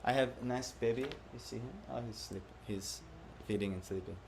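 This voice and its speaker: A man's voice: lowish voice, brisk, creaky, darkish tone, a little hiss or hum. A man giving a devotional class to a live audience, often questioning the listeners and acting out the voices he quotes. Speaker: spiritual teacher.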